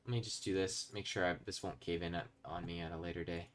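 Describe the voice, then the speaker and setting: A young man giving casual commentary while he plays a video game. He swings from quiet muttering to yelling when he is excited. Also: low-pitched, quick pace. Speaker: gaming video host. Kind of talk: casual let's-play commentary.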